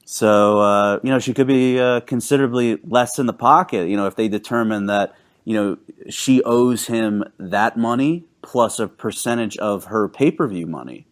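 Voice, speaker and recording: A man co-hosting a casual podcast, telling stories in a halting, rambling way with lots of fillers and restarts. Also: fairly low pitch. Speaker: podcast co-host.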